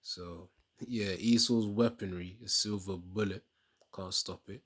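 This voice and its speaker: A man's voice: sits low, steady tone, measured pace, fairly bright tone. A man giving casual religious reaction commentary in a preachy way, often tacking on "man" and laughing.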